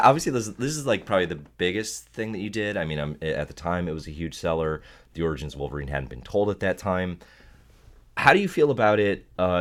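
A male host asking a guest questions in a casual interview, halting and full of fillers. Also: low-pitched.

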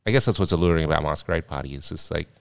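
A man's voice: a bass voice, very fast, creaky, background noise. A man co-hosting a podcast, making dry, teasing remarks in casual chat. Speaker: podcast co-host.

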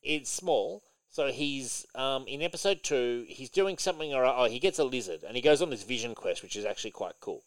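A man talking casually as a podcast co-host, his pitch swinging up and down as he gets animated. He is opinionated and swears freely. The recording is dry and close, with no room sound. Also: a little fast, hardly any pauses, no echo, rough recording. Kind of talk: casual chat.

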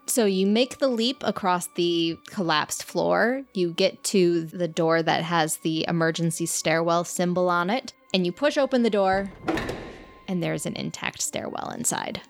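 Low creaky woman running the game. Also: soft background music. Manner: measured, descriptive scene-setting. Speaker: game master. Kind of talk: narrating a tabletop game.

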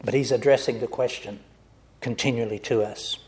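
A man's voice: medium pitch, steady tone, normal speed, darkish tone, slightly rough. A man preaching a sermon, earnest and direct, addressing his listeners as folks.

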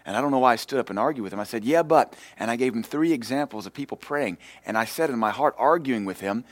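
A man preaching a sermon with impassioned, storytelling delivery that swells louder and higher. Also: fast, no echo. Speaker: pastor.

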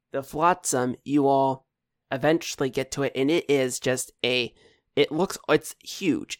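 A man narrating as game master of a tabletop game in a relaxed, easygoing way. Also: on the high side, dry recording, studio quality.

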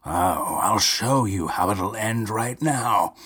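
A man voicing a cruel, hot-tempered nobleman who shouts scornfully at those around him, read as part of a spoken story. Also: on the low side, expressive, slow, breathy edge, heavily acted. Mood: angry.

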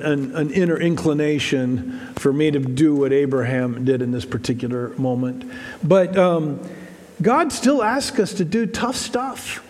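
A man's voice: high-pitched, a little mellow. A man preaching a sermon as pastor, in a conversational way that repeats phrases and acts out quoted voices. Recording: reverberant hall.

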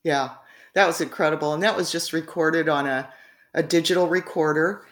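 A woman's voice: low-pitched, steady tone, moderate pace. A woman telling a story casually as a guest, rambling with frequent fillers and laughs. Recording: echoey room.

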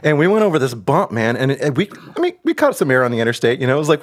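A man's voice: medium pitch, very animated, fast talker, few pauses. Laughing man telling rambling family stories. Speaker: podcast co-host, father. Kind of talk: casual storytelling chat. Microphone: video call.

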